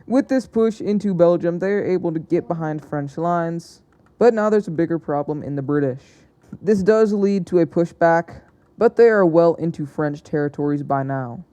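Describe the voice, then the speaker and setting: Mellow young man, casual hesitant narration. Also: a little high, normal speed, hardly any pauses, smooth. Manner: hesitant, self-correcting, chatty. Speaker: narrator of an alternate-history map video.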